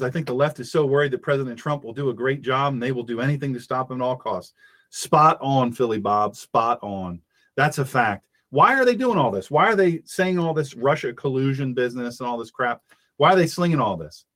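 A man's voice: mid-range voice, animated, a little fast, fairly bright tone. A man hosting a fiery political talk radio show, preaching in an impassioned way and acting out little scenes.

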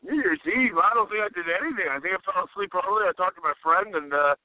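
A man chatting casually on a phone call, excitable, laughing easily and repeating himself. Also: sits high, fast talker, no room sound. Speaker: regular panelist. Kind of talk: casual chat over the phone. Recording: dry, tinny phone line.

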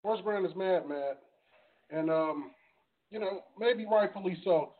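A man's voice: high-pitched, measured pace. A man hosting a casual sports podcast, laid-back and slangy, introducing clips. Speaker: podcast host. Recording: phone-like podcast audio.

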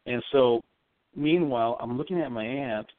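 A psychic medium, male, shares a long, rambling story in an earnest, conversational way on a call-in show. His voice sits at a middle pitch and moves at normal speed. The thin, dry phone line sounds close and dead, with no echo or room around it.

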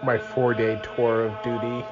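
Sleepy man reading aloud, slow. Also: medium pitch, flat delivery, highs cut off, over music. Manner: tired, yawning, rambling asides. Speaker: reader of a religious book. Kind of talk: reading aloud with casual asides. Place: home, early morning.

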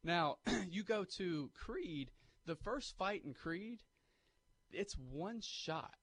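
A man, co-hosting sports talk radio on a studio mic, animated and pushing emphatic hot takes. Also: high-pitched, very slow, slight background noise. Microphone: studio microphone.

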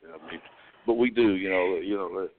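A man from the American South co-hosting a casual talk show, animated and prone to trailing asides. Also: low voice, moderate pace. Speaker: co-host. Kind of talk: casual podcast chat. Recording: tinny phone-line audio.

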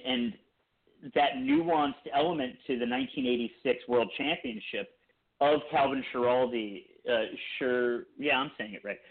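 A man co-hosting a podcast talks in loose, casual chat, rambling through his points with many restarts. His voice sits at a middle pitch. The sound comes over a tinny phone-like line. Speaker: podcast co-host.

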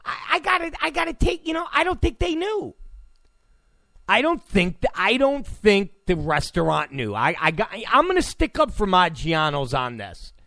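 A male talk show host delivering an incredulous, sarcastic rant, repeating himself and breaking into sudden shouts. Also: sits high, very animated, normal speed, creaky, no room sound. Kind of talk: ranting commentary. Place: Los Angeles.

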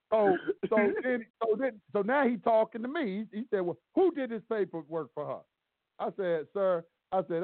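A man's voice: on the high side, no room sound. A man telling stories casually on a call-in show, acting out both sides of the dialogue. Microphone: phone call. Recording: tinny dry phone line.

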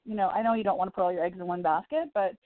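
A woman's voice: medium pitch, racing, dry recording. A woman hosting a call-in radio show, giving encouraging angel card readings to callers in a chatty, reassuring way. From Chicago. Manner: warm encouraging, chatty with laughs. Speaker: radio psychic reader and host. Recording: tinny phone-line sound, dry.

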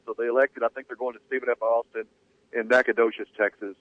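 A man's voice: mid-range voice, quick pace, a little hiss or hum. Man chatting on tinny sports radio. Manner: conversational, hedging with fillers. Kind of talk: sports talk radio storytelling. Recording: dry tinny phone-like radio audio.

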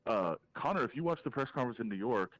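A man, a fight reporter calling in as a podcast guest, giving an animated, opinionated breakdown with frequent restarts. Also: medium pitch, fast talker, poor audio. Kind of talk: casual podcast interview, calling in.

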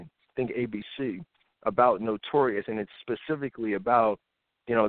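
A man's voice: mid-range voice, dry recording. A man hosting a live talk show, giving casual political commentary and slipping into impressions of others. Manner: animated, mimics others in voices. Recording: dry phone-like audio.

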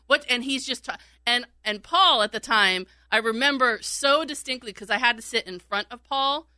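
A woman's voice: fairly high pitch, normal speed, bright, forceful tone, dry recording. A woman telling a casual story in a chat, laughing often and acting out what people said. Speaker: radio show regular, former call screener.

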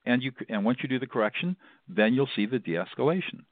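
A man's voice: mid-range voice, expressive, quick pace, no echo. A man, a mediator being interviewed, explaining his method emphatically and often repeating words as he stresses a point. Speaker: mediator guest. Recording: dry, tinny phone-like line.

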